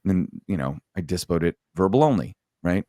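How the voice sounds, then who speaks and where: A man's voice: deep voice, big pitch swings, brisk, dark tone, dry recording, studio quality. A middle-aged man, a former police sergeant, telling blunt, profane stories from the job in a casual podcast chat.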